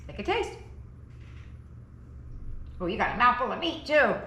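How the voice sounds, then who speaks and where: Bright, chatty woman hosting a home cooking vlog. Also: fairly high pitch, sing-song, a little slow, roomy sound, slight background noise. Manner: upbeat, chatty, coaxing family to taste. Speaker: cooking channel host. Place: home dining table.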